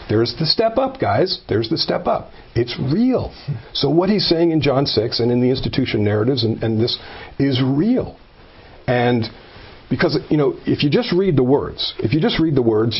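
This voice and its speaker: Husky-voiced man sharing his testimony, emphatic, restarts a lot; muffled recording. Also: medium pitch. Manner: earnest and emphatic, builds to animated peaks; stumbling, with many repeated words. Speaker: speaker sharing a personal faith story. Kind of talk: informal testimony talk.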